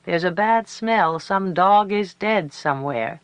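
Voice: medium pitch, animated, a little slow, clear, resonant tone, no room sound, voice pushed up. A reader voicing a spiteful old woman who taunts her neighbors with a sneer. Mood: mocking. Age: older.

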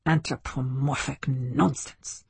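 A woman's voice: lowish voice, lively intonation, a little fast, a bit bright, breathy edge, no room sound, full character voice. A woman voicing a thick-set male linguist who speaks bluntly and barks his replies. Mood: gruff. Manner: blunt, barking.

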